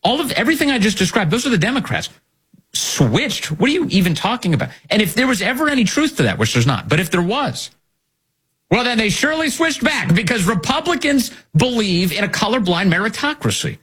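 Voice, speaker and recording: A man's voice: sits high, very animated, fast talker, fairly bright tone, husky. A male host delivering opinionated commentary, indignant and firing off rhetorical questions.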